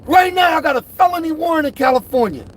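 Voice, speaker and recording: Middle-aged male vlogger, emphatic and lively, repeats his points. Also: extremely high pitch, fast, a little hiss or hum. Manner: emphatic, repeats himself, swings between loud and quiet. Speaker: truck driver vlogger. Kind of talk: direct-to-camera rant.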